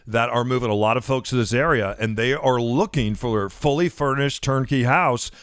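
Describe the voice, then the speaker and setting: A man's voice: mid-range voice, normal speed, fairly bright tone, smooth, no echo, clean studio sound. A man co-hosting a casual radio talk show, telling a story in an earnest, heartfelt way. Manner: earnest, storytelling, a bit emotional. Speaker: co-host and realtor.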